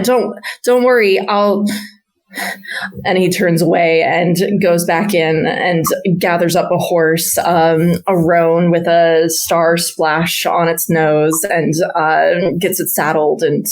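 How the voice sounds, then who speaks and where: Slow-talking woman game master. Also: low voice, level tone. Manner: unhurried, many fillers. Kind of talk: narrating a tabletop game.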